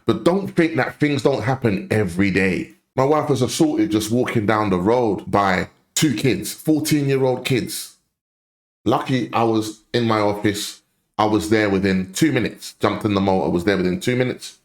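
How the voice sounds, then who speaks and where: Reacting to a clip, this blunt, impassioned commentary host delivers an opinion rant in a fairly low voice at a moderate pace. He hammers his points by repeating them.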